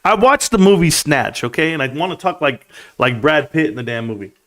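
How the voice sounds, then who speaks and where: A man's voice: on the high side, expressive, a little fast, fairly bright tone. A man hosting a casual livestream from a room at home, reading out chat in a laid-back, chummy way and laughing often.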